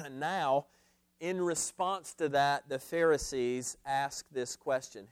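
A man's voice: on the high side, steady tone, slow, smooth, dry recording. A man giving an earnest, emphatic Bible lesson to a class, posing questions to his listeners. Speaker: Bible teacher. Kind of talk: expository Bible teaching.

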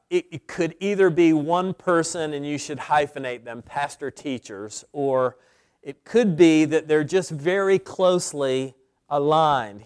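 A man preaching a sermon as pastor, teaching deliberately and stressing key words with pauses. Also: on the high side, clear, resonant tone.

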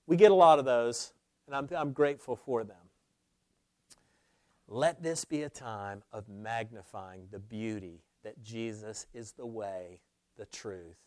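A man preaching a sermon, swinging between loud, emphatic declarations and hushed, low asides. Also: dry recording. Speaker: pastor.

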